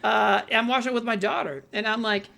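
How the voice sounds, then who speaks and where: A man's voice: high voice, steady tone, fairly quick, gravelly, bright, forceful tone. A man co-hosting a movie podcast, rambling and swearing in casual chat, dropping into funny quoted voices. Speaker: podcast co-host.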